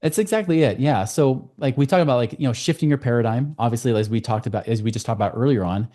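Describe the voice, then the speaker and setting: Fast-talking male money coach. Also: mid-range voice, mellow. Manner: fast, storytelling with client anecdotes. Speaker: guest, financial coach. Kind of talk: podcast interview.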